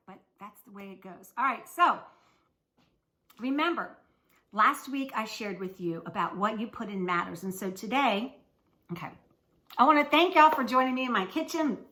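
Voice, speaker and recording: A folksy woman chats her way through a recipe in her home kitchen. Her voice sits a little on the high side, and she keeps turning to the viewers as she cooks. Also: lively intonation, moderate pace, sharp tone. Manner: chatty, folksy, addresses viewers directly. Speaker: cooking show host. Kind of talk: casual cooking demonstration.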